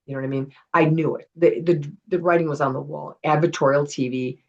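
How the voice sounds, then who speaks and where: Woman, middle-aged, gravelly, husky, animated storyteller, interview guest. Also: low-pitched, brisk, lo-fi sound. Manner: animated storyteller acting out quotes. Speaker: guest, retired television producer.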